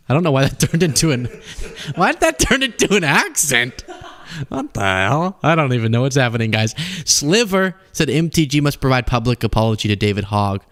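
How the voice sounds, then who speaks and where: Animated man hosting a live stream. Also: mid-range voice, fairly quick. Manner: animated, laughs often, slips into mock voices. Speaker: host of a political commentary live stream. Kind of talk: casual, joking live-stream talk.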